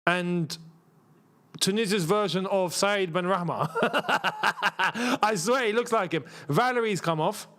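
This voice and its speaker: A man's voice: high voice, takes it slowly, fairly bright tone. A young man hosting a live football watchalong, chatting casually, laughing often and using slangy banter. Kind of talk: casual live match commentary and chat.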